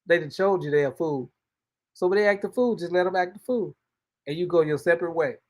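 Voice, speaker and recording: Pitched on the high side and moving a bit fast, a male host and motivational speaker guides a casual devotional. He chats in plain, folksy language, repeating phrases and beginning again often.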